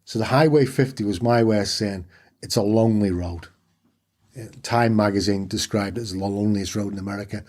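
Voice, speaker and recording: Man, Yorkshire accent, husky voice, low pitch, lively storytelling in an interview. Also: fairly quick. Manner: animated storyteller who acts out dialogue. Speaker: podcast guest.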